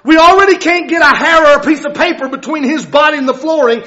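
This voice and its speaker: A man with a very high, thin voice preaches, rising into fervent shouts and dropping low to act out biblical figures. The recording is dull and lo-fi. His delivery is dramatic and full of feeling. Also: fast talker. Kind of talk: sermon.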